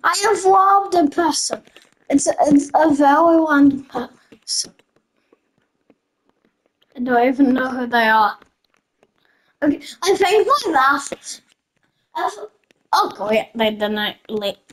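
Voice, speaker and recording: A young woman giving chatty, giggly commentary while playing a video game, easily excited and laughing often. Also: sits high, takes it slowly, pauses often, poor audio. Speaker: gamer. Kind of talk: casual gameplay commentary.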